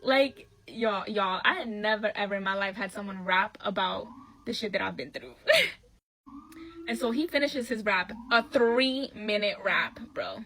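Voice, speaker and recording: A woman telling a dating storytime to her viewers in a casual, animated and profane way, talking straight to the audience. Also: mid-range voice, moderate pace, a little hiss or hum.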